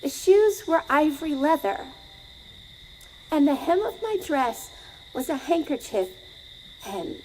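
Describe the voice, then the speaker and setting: A woman's voice: high-pitched, big pitch swings, slow pace, long pauses, dark tone, a little hiss or hum, low-quality recording. A middle-aged woman telling a story live to an audience, conversational and asking them questions.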